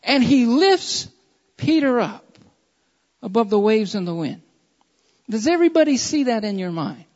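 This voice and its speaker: A woman's voice: a little high, animated, a little slow, long pauses, darkish tone. A woman preaching a sermon to a congregation, impassioned and repeating lines for emphasis. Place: large church hall. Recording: dull recording in echoing hall.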